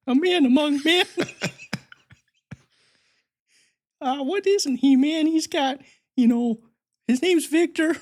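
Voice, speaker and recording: A man's voice: very high voice, darkish tone, pitched above the performer's own voice. A man voicing a pompous, nerdy male superfan podcaster who brags, rambles and giggles. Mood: giggly. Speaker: fake guest.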